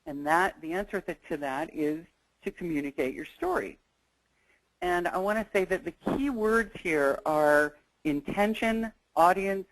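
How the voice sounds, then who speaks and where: A woman's voice: sits low, no echo, low-quality recording. A woman presenting a negotiation skills webinar, talking in a conversational, earnest way and weaving in personal stories. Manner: conversational and earnest, thinking aloud.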